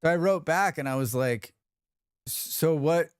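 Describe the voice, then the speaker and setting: A livestream host with a fairly high, clear, resonant voice chats casually with viewers at a measured pace, telling stories and animatedly acting out what others said. He swears freely, and the studio recording is clean and dry.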